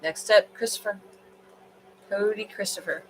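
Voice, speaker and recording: A woman's voice: mid-range voice, unhurried. Woman card reader, late-night tired, rambling with fillers; noisy livestream audio. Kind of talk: casual livestream card reading.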